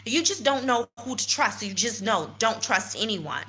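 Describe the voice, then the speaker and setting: Holding her phone without a stabilizer, a woman from the United States recounts events to her followers, emphatic and indignant, hammering points home through repetition. She speaks at a normal pace with a fairly high, lively, fairly bright voice.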